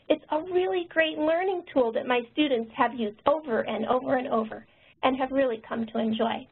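A woman nurse educator and author who talks quickly, presenting a webinar. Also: high-pitched, breathy edge. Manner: fast-talking. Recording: tinny phone-line webinar audio.

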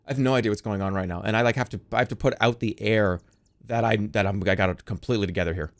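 A man streaming games live, chatting casually in a rambling, excitable way and often laughing at himself. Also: lowish voice, very fast.

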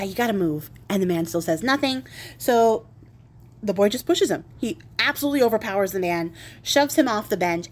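A woman casually retelling a fairy tale in a chatty, irreverent way with wry asides. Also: medium pitch. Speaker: crafting channel host retelling a fairy tale. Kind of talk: casual storytelling.

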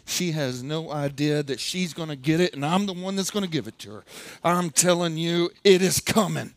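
A man's voice: normal speed, no room sound, close to an everyday voice. A man playing a furious, fed-up hostess. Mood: fuming. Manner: shrill, pleading and loud. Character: angry, exasperated woman hosting guests.

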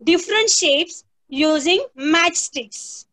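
A woman's voice: very high voice, expressive, slow, a bit bright, poor audio. A woman, teaching young children an online lesson, patiently repeating prompts and imitating animal sounds. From India. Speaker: primary school teacher.

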